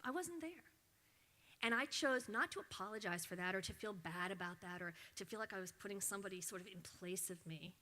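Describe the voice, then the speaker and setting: A woman's voice: medium pitch, a little fast. A middle-aged woman giving an award acceptance speech, telling a personal story and acting out her son's words. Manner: storytelling, acts out her son's lines with animated voice.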